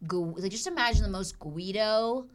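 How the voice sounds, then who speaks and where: A young woman hosting a podcast in casual chat, candid and crude, and quick to laugh. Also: mid-range voice. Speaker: podcast host.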